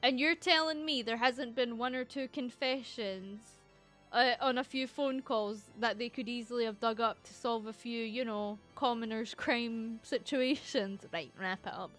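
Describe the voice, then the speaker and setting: A Scottish woman with a fairly high voice, chatting loosely on a stream. She rambles from one thought to the next, swears freely and laughs often. Soft music plays faintly behind her. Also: unhurried. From Scotland. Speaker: VTuber streamer. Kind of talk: casual livestream chat.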